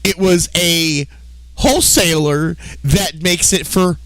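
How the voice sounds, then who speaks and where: A man's voice: a little high, slow pace, fairly bright tone, no room sound. A man live-streaming a game, chatting casually in a rambling, profane way, stopping to correct himself and laughing often. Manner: restarts and self-corrections mid-sentence. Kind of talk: casual live-stream chat while playing.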